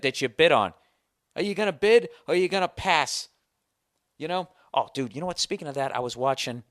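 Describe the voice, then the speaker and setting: A man's voice: a little high, pushed and bright, no echo, clean studio sound. A man hosting a podcast, telling a profane comedic story with mocking voices. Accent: Boston. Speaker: podcast host. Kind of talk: comedic monologue. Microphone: studio podcast mic.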